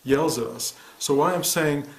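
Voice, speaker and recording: A man in his sixties, a meditation teacher, giving a soft-spoken, reflective spiritual talk in answer to a student. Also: on the high side, normal speed, creaky, a little hiss or hum. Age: 60s. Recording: echoey room.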